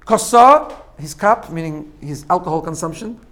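A man's voice: a little high, expressive, normal speed, fairly bright tone. A man giving a spoken lesson, explaining step by step with frequent "right?" checks and repeated phrases. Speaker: teacher. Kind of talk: spoken lesson on self-growth.

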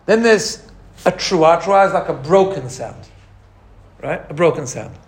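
A man teaching a lively religious lesson. He imitates sounds as he explains and often restarts his phrases. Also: a little high, unhurried. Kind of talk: teaching talk.

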